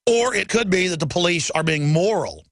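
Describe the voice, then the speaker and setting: Man, radio host, political rant, emphatic, bright sharp tone, gravelly. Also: high voice, expressive, dry recording. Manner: urgent, emphatic ranting with rapid-fire lists.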